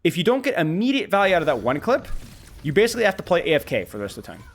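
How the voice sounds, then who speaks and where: A high-voiced man running a live game coaching stream. He swings his pitch widely and talks in excitable bursts, repeating phrases as he coaches. A man coaching a player over a game replay. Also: racing.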